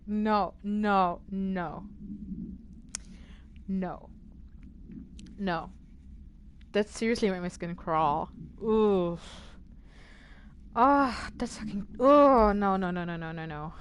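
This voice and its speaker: A woman game streamer with a mid-range voice talks slowly, leaving long pauses, as she gives casual, chatty gameplay commentary loaded with filler and bursts of alarmed swearing. She is at home at her gaming setup, with game noise behind her streamer mic.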